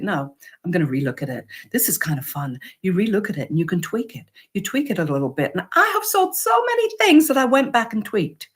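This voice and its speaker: A woman's voice: medium pitch, fast, few pauses. A woman vlogger who makes upcycled clothing, giving casual, encouraging advice to camera and acting out customers. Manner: encouraging, lively, acts out customer quotes.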